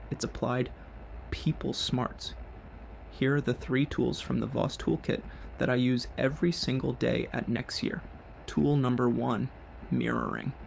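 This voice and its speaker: A man's voice: medium pitch, creaky, slight background noise. A man hosting a show, delivering a scripted business monologue in blunt, punchy short sentences. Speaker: show host.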